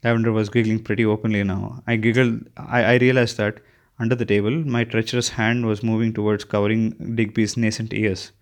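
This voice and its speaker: A man reading a novel aloud as an audiobook narrator, with a steady delivery and occasional slips. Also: lowish voice, brisk. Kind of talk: scripted narration.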